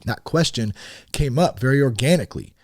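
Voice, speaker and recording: A man in his thirties hosting a podcast, talking frankly in a casual, animated monologue. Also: mid-range voice, brisk, no room sound, clean studio sound. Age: 30s. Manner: animated and frank, with swearing and rising emphasis. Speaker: podcast host.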